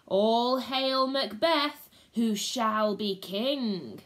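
A woman chanting as three old witches. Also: fairly high pitch. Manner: slow, loud, drawn-out chanting.

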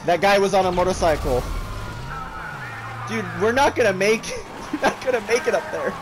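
A young man casually commentating a multiplayer game with friends, loud and excitable, swearing often and breaking into shrieking laughs. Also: high-pitched, normal speed, background noise. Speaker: gaming streamer.

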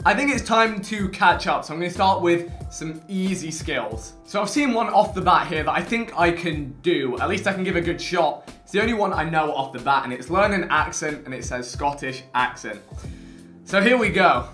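Man, bright voice, a little high, chatty, self-deprecating, echoey room, faint music. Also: lively intonation, normal speed, few pauses. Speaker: challenge participant. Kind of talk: casual vlog talk to camera.

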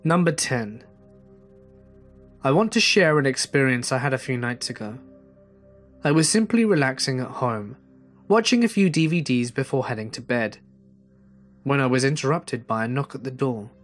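A man reading a first-person horror story aloud in a measured storytelling delivery. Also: mid-range voice, expressive. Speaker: narrator. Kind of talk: scripted horror story narration. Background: faint music.

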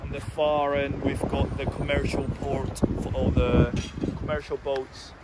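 A man's voice: mid-range voice, level tone, measured pace. A man narrating a casual travel vlog outdoors by the sea. He rambles a little and guesses at place names. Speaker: travel vlogger. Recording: loud wind noise outdoors.

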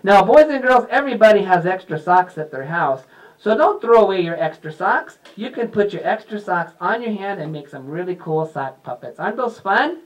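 A man's voice: high-pitched, expressive, moderate pace, slight background noise, rough recording. A man working as a puppeteer, talking playfully to children in a live puppet show and quizzing them. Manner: playful, teacherly questions to kids.

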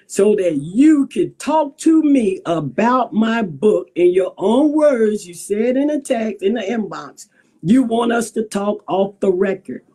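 A woman pastor talking to camera in a sassy, animated way, laughing often and firing off rhetorical questions. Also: a little high. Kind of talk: casual talk to camera.

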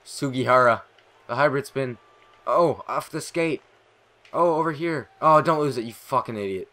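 Young man, gaming commentary, excitable, swears often, rambling, mid-pitched voice. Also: moderate pace. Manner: excitable, swears a lot, rambling self-talk. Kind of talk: live gameplay commentary.

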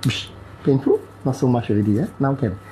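A man's voice: medium pitch, lively intonation, quick pace, dark tone, a little hiss or hum, poor audio. A man with a Malaysian English accent who talks a patient through a hands-on bone-setting treatment, in clipped, simple phrasing and with playful sound effects as he works. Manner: playful, makes sound effects while working.

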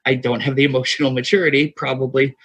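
A man's voice: medium pitch, level tone, quick pace, a bit bright, breathy edge. A man in his thirties telling a long story in casual podcast chat, rambling, swearing freely and laughing often. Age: 30s. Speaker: podcast co-host. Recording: single USB mic, lo-fi.

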